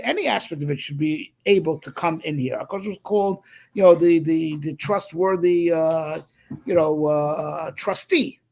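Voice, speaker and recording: A man's voice: high-pitched, creaky, darkish tone, husky. A man teaching a Torah class as a rabbi, thinking aloud with many restarts and asides. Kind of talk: Torah class, explaining a text.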